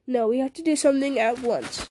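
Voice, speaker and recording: A woman's voice: high voice, brisk, dark tone, a little hiss or hum, natural voice. Brief: woman voicing a decisive, urgent young hobbit, storybook reading. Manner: urgent, commanding. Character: bold young male hobbit leader.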